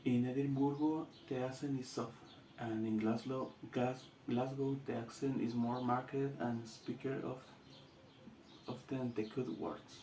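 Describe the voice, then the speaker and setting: A man with a Latin American Spanish accent, a student giving a class presentation in halting English with restarts. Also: mid-range voice, steady tone, dark tone, echoey room, a little hiss or hum, low-quality recording.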